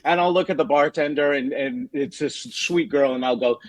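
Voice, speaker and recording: A man's voice: a little high, moderate pace, dry recording. A man co-hosting a comedy podcast, talking in an earnest, explaining way with some teasing. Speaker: podcast co-host. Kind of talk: casual chat.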